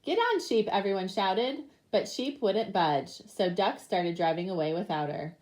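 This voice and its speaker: A young woman teacher reading a picture book aloud to her class, with lively animal sounds. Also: on the low side, unhurried.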